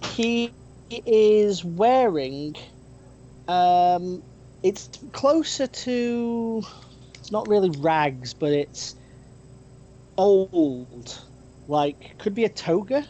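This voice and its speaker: Game master, slow unhurried narration, hesitant, faint rumble. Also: expressive, warm tone, lo-fi sound. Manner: hesitant, many ums and restarts.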